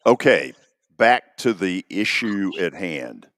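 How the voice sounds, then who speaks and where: Animated, emphatic radio host. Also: male voice, sits low, slow pace, no echo, studio quality. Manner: emphatic, acts out quotes. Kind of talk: opinionated sports talk.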